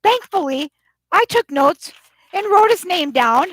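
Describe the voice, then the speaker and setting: A woman's voice: very high voice, very animated, a little slow, fairly bright tone, no room sound. A woman vlogger retelling a phone call in an agitated, rambling way, often quoting both sides. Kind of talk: casual vlog rant.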